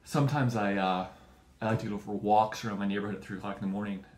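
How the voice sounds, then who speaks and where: A man's voice: fairly low pitch, fairly even intonation, fast, a little mellow, echoey room, faint music behind. A young man hosting a podcast, riffing in a profane, tangent-hopping comic monologue and acting out little scenes. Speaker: podcast host. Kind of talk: rambling comedic monologue.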